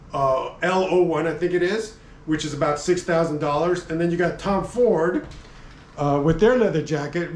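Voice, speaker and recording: A middle-aged man chats through a casual gear review in a rambling, friendly way, often stopping to correct himself. His voice sits fairly high. The sound is roomy and comes from a distance, as if the camera is set back from him. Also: slight background noise. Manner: rambling, chatty, self-correcting, laughs often. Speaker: motorcycle and gear vlogger. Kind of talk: casual product review chat.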